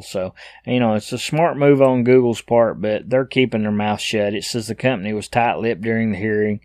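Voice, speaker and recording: A middle-aged man with a somewhat low voice reads news headlines aloud and then gives his own blunt, offhand opinions. His casual, loose delivery has plenty of restarts. The sound is dry and close, with no room echo. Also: a little mellow. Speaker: commentator reviewing news headlines.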